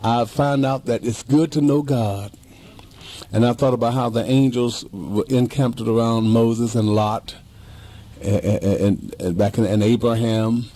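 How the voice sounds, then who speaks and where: A man's voice: mid-range voice, steady tone, measured pace, mellow. A man in his fifties, talking in a casual interview with emphatic, heartfelt repetition. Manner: emphatic, repeats himself, heartfelt. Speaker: interview guest.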